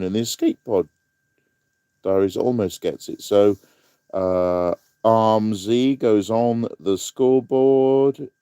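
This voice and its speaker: A man's voice: lowish voice, mellow, dry recording. A man hosting a casual live-stream quiz, chatty and rambling, laughing at his own asides. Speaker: livestream quiz host.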